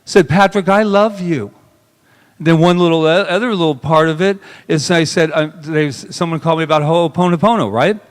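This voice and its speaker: A male minister preaching a sermon in a slightly high voice, and the sound rings out with a long reverb across the hall. He talks intimately and emotionally, dropping to soft murmurs and rising into sudden bursts. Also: brisk, hardly any pauses, clean tone. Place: spiritual center sanctuary.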